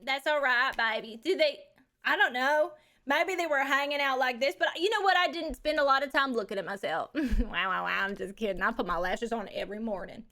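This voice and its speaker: A woman's voice: high voice, fairly quick, sharp tone. A woman playing a brash, crude Texan woman trucker back from space, drawling and calling everyone baby, for a live stream. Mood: cheeky. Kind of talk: live-stream character bit.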